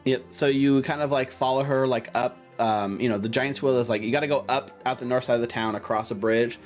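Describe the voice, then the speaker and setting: A man's voice: medium pitch, steady tone, fairly quick, faint music behind. A young man narrating as game master, rambling with many fillers.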